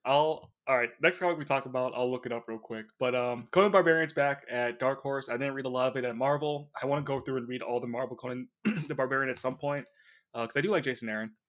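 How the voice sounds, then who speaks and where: A man's voice: mid-range voice, quick pace, fairly bright tone. A man co-hosting a comic podcast, playful and rambling, often breaking into laughs. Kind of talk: casual podcast banter.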